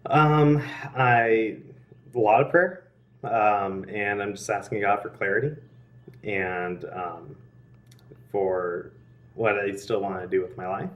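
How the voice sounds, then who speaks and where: A young man, interviewed, tells a personal faith story slowly in a lowish voice, casual and earnest. He laughs often and uses many fillers and restarts; he's far from the mic and the audio is dull.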